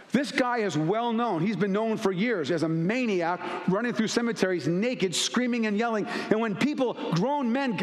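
High-pitched male preacher, emphatic storyteller, echoey church hall. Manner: emphatic, storytelling with acted asides. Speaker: pastor. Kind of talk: sermon.

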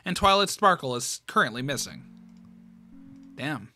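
A man's voice: mid-range voice, big pitch swings, measured pace, pushed and bright, soft background music. A man reading a fan horror comic aloud, reacting with surprise and swearing. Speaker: comic reader.

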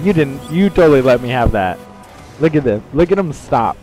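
A man giving excitable gameplay commentary, shouting reactions and trading playful trash talk. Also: medium pitch, moderate pace, music in the background. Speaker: gaming channel host.

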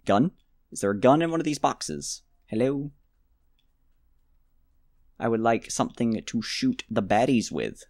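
A man's voice: medium pitch, expressive, unhurried, creaky, long pauses, darkish tone, no room sound, clean studio sound. A man casually commenting on his own gameplay, rambling and joking to himself with mock outbursts. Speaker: let's play gamer.

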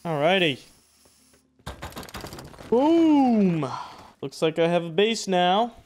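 A young man giving casual, excitable commentary over his own survival game playthrough, loose and slangy. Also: sits high, moderate pace, a little hiss or hum. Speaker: gaming YouTuber. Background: background music.

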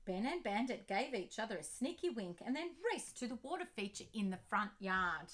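Animated woman reading to children. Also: medium pitch, a little fast, slight background noise. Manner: animated, asking listeners questions. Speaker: picture-book author reading aloud.

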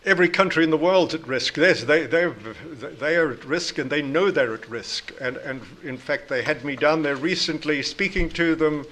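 New Zealand man explaining science calmly. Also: a little high. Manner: measured, explanatory, frequent restarts. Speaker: invited scientist answering questions. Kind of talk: lecture Q&A answers.

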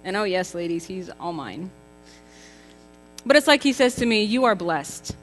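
A woman's voice: medium pitch, animated, normal speed. A woman in her thirties preaching a contemporary church sermon, chatty and emphatic, often asking the congregation rhetorical questions. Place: church sanctuary. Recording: reverberant church hall with faint music.

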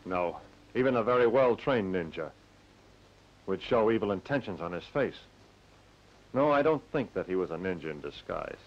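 An actor dubbing a calm young samurai, speaking in a measured, serious way in an old TV dub. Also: male voice, low-pitched. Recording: dull vintage TV dub audio.

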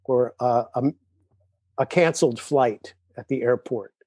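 A man's voice: medium pitch, a little slow, darkish tone, no room sound. Middle-aged man, easygoing storyteller, dry sound over video call. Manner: easygoing storyteller who laughs often. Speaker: guest drummer.

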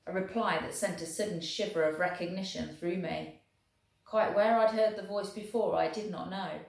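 A woman English teacher reading a novel aloud in a steady, expressive storytelling voice. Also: on the low side. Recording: very echoey room.

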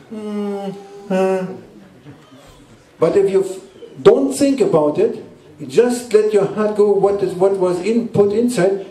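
Male Sufi sheikh, sermon, halting repeated lines, distant roomy recording. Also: sits high, dark tone. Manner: repeats short emphatic phrases, halting non-native English. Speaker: Sufi sheikh teaching a gathering. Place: indoor gathering room at a guesthouse. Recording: roomy echo, distant mic.

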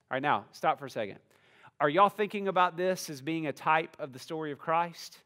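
A man's voice: a little high, lively intonation, a little fast, pushed and bright. A man, a pastor giving a conversational sermon and often asking the congregation questions.

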